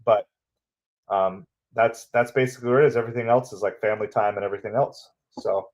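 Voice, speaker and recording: A man's voice: fairly low pitch, fairly even intonation, quick pace. A man hosting a live baseball watch-party stream, chatting casually with viewers in an upbeat way and laughing often. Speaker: livestream host and baseball commentator.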